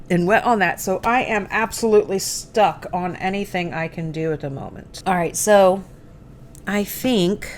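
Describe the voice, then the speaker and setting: A woman's voice: mid-range voice, a little hiss or hum. A woman in her forties hosting a live painting stream, chatting casually and laughing easily. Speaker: host. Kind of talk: casual chat while painting miniatures.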